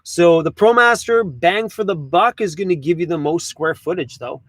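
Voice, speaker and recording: A man's voice: fairly high pitch, moderate pace, no echo. A man hosting a casual van life livestream, chatty and laid-back, swearing now and then. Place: inside a camper van.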